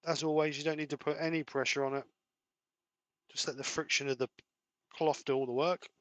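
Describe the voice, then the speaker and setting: A man with a bright, fairly high voice chats easily while he works at the lathe, hosting a live stream from his workshop. His talk is relaxed and practical, and the sound is close and dry. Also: brisk, dry recording. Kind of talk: casual live-stream chat while demonstrating. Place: home workshop.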